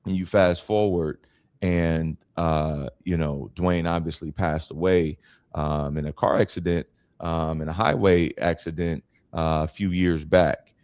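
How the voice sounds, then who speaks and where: A man in his forties answering interview questions as a guest, telling stories in an animated way and acting out other people's lines. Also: low voice, measured pace, dry recording. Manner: animated storyteller, acts out quoted voices. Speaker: guest speaker and author.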